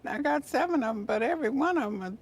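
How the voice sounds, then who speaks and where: A woman's voice: high-pitched, expressive, fast talker, breathy edge. A woman in her eighties, a guest on a chat show, talking in a folksy, laughing way. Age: 80s. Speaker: guest, mother. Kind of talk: casual chat.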